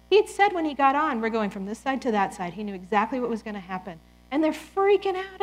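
A woman in her forties giving a lively, conversational Christian talk to parents, often quoting scripture as if speaking the words herself. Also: high-pitched. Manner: animated, conversational, quotes scripture in character. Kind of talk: talk to a church audience.

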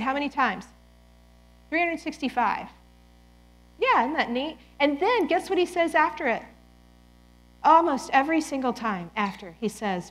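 A woman in her forties giving a lively, conversational Christian talk to parents, often quoting scripture as if speaking the words herself. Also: high-pitched, normal speed. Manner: animated, conversational, quotes scripture in character. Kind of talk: talk to a church audience.

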